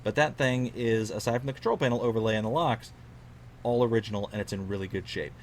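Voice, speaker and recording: A tired man losing his voice, casually telling a collecting story to camera in an unhurried, chatty way. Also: fairly low pitch, fairly even intonation, a little hiss or hum. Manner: chatty, unhurried, repeats figures for emphasis. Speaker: collector vlogger.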